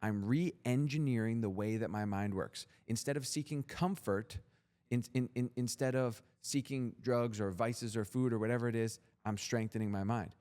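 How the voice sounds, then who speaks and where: A man's voice: mid-range voice, normal speed, a little mellow. A young man as a podcast guest, telling his story in a blunt, profane, intense motivational way. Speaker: guest entrepreneur.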